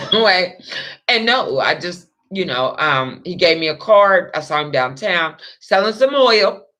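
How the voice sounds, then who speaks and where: A woman's voice: lowish voice, expressive, a little slow, pushed and bright. A young adult woman telling a personal story in a rambling, emotional, profane way. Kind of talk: casual monologue.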